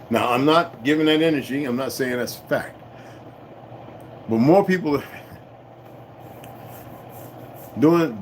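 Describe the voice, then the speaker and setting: A man's voice: mid-range voice, a little hiss or hum, poor audio. A man hosting a livestream, ranting in a loose, rambling way to his viewers, swearing often and greeting commenters by name. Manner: profane, emphatic, loose and digressive. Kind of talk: rambling casual rant to live viewers.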